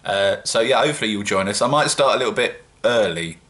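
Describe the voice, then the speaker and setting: A man's voice: fairly low pitch, expressive, fast, fairly bright tone. A man with a British accent, chatting casually and rambling a little in a self-mocking home-brewing vlog. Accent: British English.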